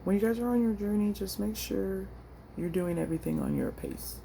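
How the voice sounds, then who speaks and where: A woman's voice: mid-range voice, a little fast, vocal fry, mellow, a little hiss or hum. A woman vlogger venting into her phone, frustrated and blunt, with slangy, profane talk. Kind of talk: emotional personal vent.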